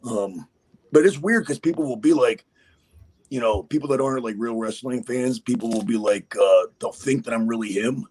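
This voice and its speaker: Appearing as a guest on a podcast, an impersonator rambles casually through an interview with lots of fillers. His medium-pitched voice has a darkish tone and comes at normal speed over a rough recording with slight background noise.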